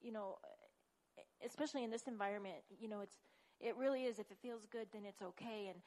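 Tearful woman speaking haltingly. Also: mid-range voice, darkish tone, rough recording. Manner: hesitant, halting. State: near tears. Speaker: class member. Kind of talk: sharing a personal struggle.

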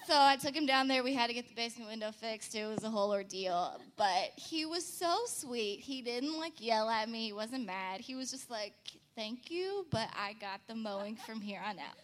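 A young woman casually telling a funny story about her husband, acting out quotes with big jumps in pitch and laughing often. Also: normal speed, few pauses, slight background noise.

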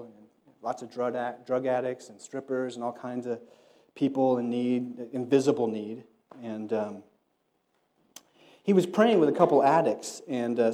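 A man with a mellow, mid-range voice preaches a sermon in a conversational style. He tells stories and acts out the voices of the people he quotes.

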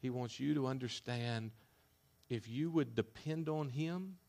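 A man preaching a sermon as a pastor, emphatic, with loud declarations that drop to hushed asides. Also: mid-range voice, a little slow, gravelly.

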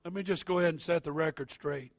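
A man preaching a sermon as pastor, moving from quiet, halting asides to loud, rising exhortation. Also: fairly high pitch, fairly even intonation, vocal fry, no echo, faint music behind.

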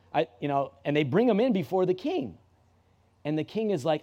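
Male pastor preaching a sermon, warm mellow tone, kinda high voice, chatty, restarts a lot and repeats stuff to drive it home. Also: lively intonation, brisk. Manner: conversational, with frequent restarts and emphatic repeats. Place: church service.

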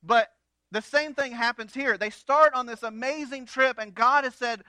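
A man preaching a sermon in a conversational, animated way, with humorous asides. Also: very high-pitched, normal speed, smooth, no echo. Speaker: pastor.

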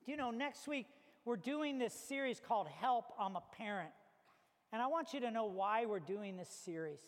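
A man preaching a sermon as a pastor, telling stories with animated acted-out little scenes. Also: high voice, moderate pace. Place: church hall. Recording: reverberant hall.

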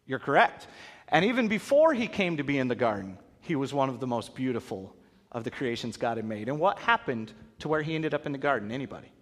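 A man leads a Bible lesson before a gathered audience, quizzing them and acting out the characters as he goes. His voice swings widely in pitch, and it rings with the long reverb of a large hall. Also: fairly quick. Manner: animated, acts out voices, asks the audience questions. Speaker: pastor.

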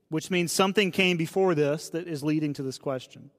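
Male pastor, late 30s, chatty storytelling sermon, voice a touch high, hall reverb. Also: fairly quick, fairly bright tone. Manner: conversational storytelling, asks the audience questions.

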